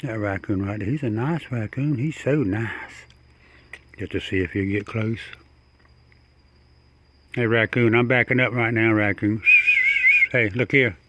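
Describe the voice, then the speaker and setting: This backyard wildlife videographer coaxes an animal outside after dark in a relaxed way, chuckling and saying the same things over. His voice is lowish and a bit bright, and he speaks at a measured pace with long pauses.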